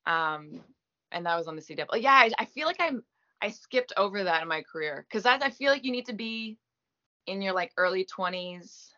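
A woman in her thirties, a native French speaker from Gaspé in eastern Quebec, has a light French Canadian accent and a sharp, mid-range voice with lively intonation at a moderate pace. The recording is muffled. As an actress guest in a casual interview, she chats self-deprecatingly and uses lots of fillers.

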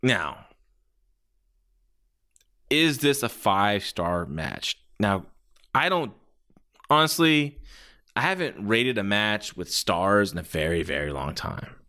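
Rambling, lively-voiced man reviewing a match. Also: lowish voice, slow pace, long pauses. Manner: rambling, swears freely, many restarts. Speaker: wrestling reviewer. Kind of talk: casual spoken match review.

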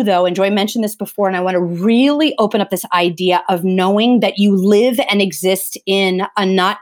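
A woman's voice: medium pitch, darkish tone. A woman speaking as an interview guest, talking earnestly and with passion, often restarting her sentences. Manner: impassioned, emphatic, frequent restarts. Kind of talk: earnest conversational interview talk.

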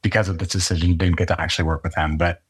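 A man's voice: low-pitched, flat delivery, husky. Earnest man guesting on a podcast. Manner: earnest, warm-hearted, quick to laugh. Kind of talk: casual chat.

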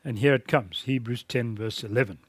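A man's voice: medium pitch, a little fast, husky, no room sound. A man teaching a recorded course lecture in a blunt, emphatic preaching manner.

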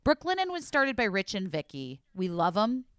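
Reading ads conversationally on her podcast, a chatty, bubbly woman brims with enthusiasm, her pitch swooping wildly at a moderate pace. Her voice is smooth and clear in a close, dry recording. Occasionally she sinks low and quiet for emphasis.

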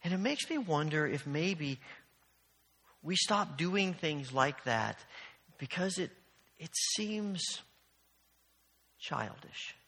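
A man preaches from the front of a church, his voice bright and forceful and pitched a little high. He tells stories earnestly and with animation, and his words ring out with the long reverb of the sanctuary. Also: takes it slowly, long pauses. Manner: storytelling with animated, earnest delivery. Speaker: pastor. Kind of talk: sermon.

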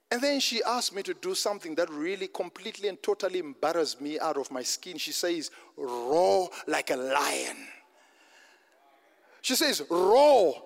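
High-voiced man preaching a sermon. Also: a bit bright, long reverb tail. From London. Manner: storytelling, building to fervent exhortation. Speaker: pastor.

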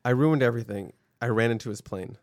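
Gravelly teasing podcast host. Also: male voice, mid-range voice, fast talker, darkish tone. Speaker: podcast co-host running a game segment. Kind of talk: casual podcast banter.

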